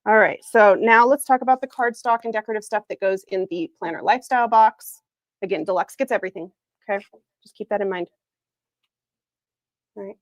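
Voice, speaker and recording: A woman's voice: mid-range voice, fairly quick, long pauses, no echo. A woman hosting a casual livestream product reveal, chatty and upbeat, laughing often. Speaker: planner shop owner hosting a livestream. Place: Arizona.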